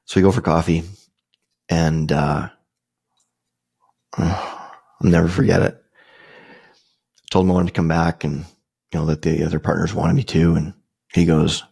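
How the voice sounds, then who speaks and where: A man's voice: low voice, level tone, unhurried, vocal fry, long pauses, darkish tone, slightly rough. A man, hosting a podcast and telling a personal story in a casual, conversational way, swearing freely and restarting often. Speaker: podcast host.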